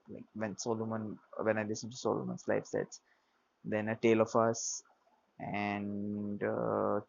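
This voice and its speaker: A man's voice: fairly low pitch, creaky, slight background noise. A man in a casual vlog, rambling about music with many fillers, restarts and grammar slips. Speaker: vlogger talking about his music taste. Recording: dull lo-fi sound.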